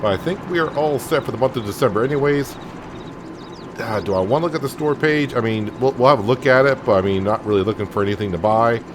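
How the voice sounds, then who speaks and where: A man's voice: mid-range voice, fast talker, noisy background. A man casually commenting as he plays a farming game, thinking aloud with many fillers. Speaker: gaming channel host. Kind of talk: casual let's-play commentary.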